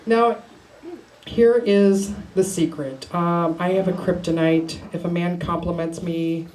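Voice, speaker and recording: A woman performs a stand-up set in a small bar. She is playful and often laughs at her own jokes. The live recording carries clear background noise. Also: on the low side, steady tone, measured pace, darkish tone. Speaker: stand-up comedian. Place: small bar open mic. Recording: noisy live room recording.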